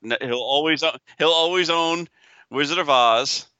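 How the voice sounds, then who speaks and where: A man's voice: a little high, normal speed, pushed and bright, clean tone, no echo, highs cut off. A man co-hosting a podcast, chatting casually and chiming in with short agreeable replies. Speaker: podcast co-host. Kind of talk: casual chat.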